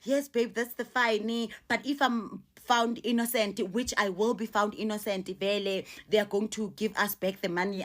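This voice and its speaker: A smooth-talking South African man, wheedling and reassuring, cuts himself off with little exclamations as he begs for money, as a woman retells his words. The voice sits in a middle pitch. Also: natural voice.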